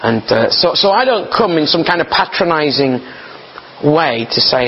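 A man's voice: a little high, lively intonation, normal speed, creaky, a little hiss or hum. A man preaching an informal sermon in an earnest, conversational way, often repeating his words as he goes. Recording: slightly dull, muffled recording.

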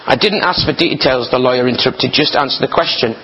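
A man's voice: medium pitch, fast talker. A man preaching informally, reading scripture aloud and stopping often to comment in a chatty, digressive way. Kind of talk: informal sermon with Bible reading. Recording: slightly dull sound with faint noise.

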